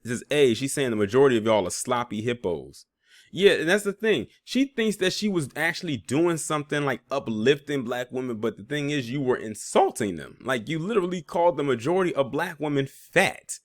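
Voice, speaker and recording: A man's voice: mid-range voice, expressive, fairly quick, dry recording, clean studio sound. A man reading out social media posts and reacting with sarcastic, laughing asides, as host of a commentary channel.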